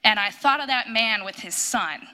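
Bright-voiced woman telling a testimony. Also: a little high, moderate pace. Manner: storytelling, animated when quoting. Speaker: church speaker sharing a testimony. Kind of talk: personal testimony in church.

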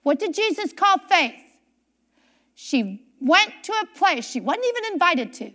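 A woman's voice: very high voice, big pitch swings, unhurried, sharp tone. A woman preacher delivering a sermon, reading scripture aloud, repeating key phrases for emphasis and asking her congregation questions.

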